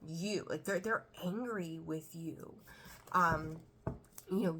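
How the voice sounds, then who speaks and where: A woman's voice: fairly low pitch, takes it slowly, fairly bright tone, slight background noise. A woman giving a casual tarot reading, talking bluntly and chattily, swearing now and then. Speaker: tarot reader.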